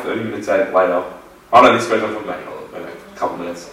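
A man's voice: sits low, steady tone, fairly quick, pushed and bright. A man with an Australian accent hosting a podcast, chatty, swearing and filling in with frequent backchannels in casual chat. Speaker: podcast host. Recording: echoey room, distant mic.

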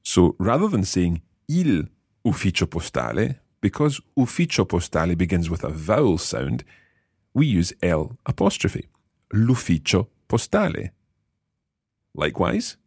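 A man hosting a language lesson, patiently explaining Italian words and slowing down to repeat phrases. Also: sits low, a little mellow, slightly rough, dry recording, clean studio sound. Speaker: language course host.

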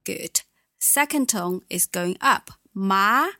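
Slow, patient female language teacher. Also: mid-range voice, fairly bright tone, no echo, studio quality. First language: Mandarin. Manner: patient, slow and clear modelling of words. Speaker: Mandarin teacher.

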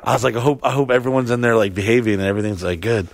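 A young man, a podcast host, telling a story in casual chat, animated and profane, acting out his own reactions. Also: mid-range voice, very fast, creaky, dry recording.

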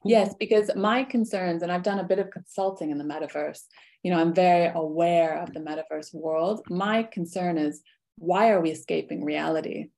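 A woman's voice: on the low side, normal speed, creaky, a little mellow. A woman speaking as a guest on a podcast interview, talking earnestly and thoughtfully, laughing easily.

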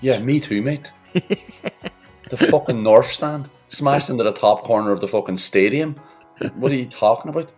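A man's voice: medium pitch, normal speed, a little mellow, breathy edge, faint music behind. A man co-hosting a casual football podcast, riffing in a sweary, mocking comic way. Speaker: podcast co-host.

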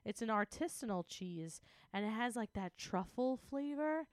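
A chatty woman co-hosting a relaxed podcast, full of playful asides and easy laughter. Her voice is smooth and clear, recorded close on a dry mic with no room sound. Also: fairly high pitch, moderate pace, no room sound. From Greek heritage, US. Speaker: podcast co-host. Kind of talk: casual chat.

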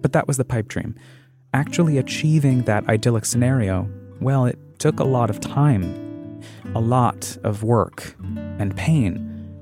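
A man narrating a documentary podcast from a script, with measured storytelling and dramatic pauses. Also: mid-range voice. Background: guitar music.

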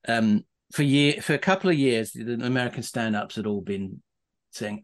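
A man's voice: medium pitch, normal speed. A middle-aged man, a podcast guest, telling casual anecdotes in a rambling way with many restarts and chuckles.

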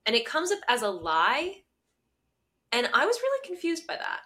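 A woman's voice: high voice, huge pitch swings, moderate pace, pushed and bright. A woman co-hosting a podcast, recapping a TV episode in casual chat with a wry, openly annoyed tone toward the characters. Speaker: podcast co-host.

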